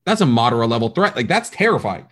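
Casting: male podcast co-host, average pitch, rambling animated chatter. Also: fast. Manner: animated, rambling, acts out quotes. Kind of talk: casual chat.

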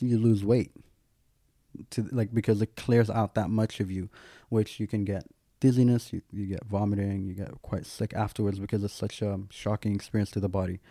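A man's voice: on the low side, warm tone, no echo, clean studio sound. A man, a guest, telling a personal story in candid, casual talk, full of "like" and wry self-mocking humour.

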